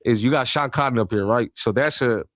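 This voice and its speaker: A man argues on a podcast in a blunt, casual way, cutting in repeatedly to keep the floor. His mid-pitched voice is recorded dry and close. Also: a little fast, a bit bright, dry recording. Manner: insistent, cuts in with "hold on". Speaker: podcast guest.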